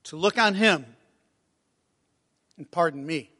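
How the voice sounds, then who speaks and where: Earnest male preacher, high voice, slow heartfelt sermon, long hall reverb. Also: animated, bright, forceful tone. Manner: earnest, emotional, reads hymn lines slowly.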